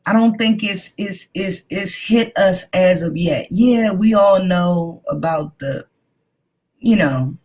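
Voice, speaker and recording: Woman, husky voice, slow unhurried delivery, fervent religious talk. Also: fairly low pitch. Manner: fervent, excitable. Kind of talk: religious discussion.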